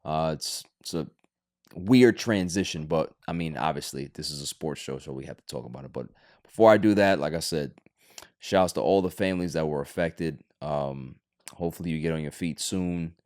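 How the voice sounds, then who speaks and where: A man's voice: very deep voice, moderate pace, a little mellow. A man hosting a sports podcast, talking casually and rambling, with frequent restarts and fillers. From Queens, New York.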